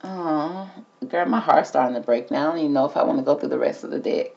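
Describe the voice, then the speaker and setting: Hosting a relaxed tarot reading, a woman talks quickly in a deep, warm, creaky voice, addressing the cards directly and calling everyone "girl." Her chatty delivery comes through dull-sounding audio.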